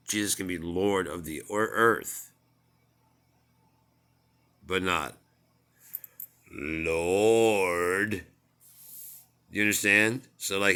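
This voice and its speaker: Deep, clear-voiced man rambling profanely. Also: bright, forceful tone. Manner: rambling, profane, laughs at own jokes. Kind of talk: casual rambling monologue.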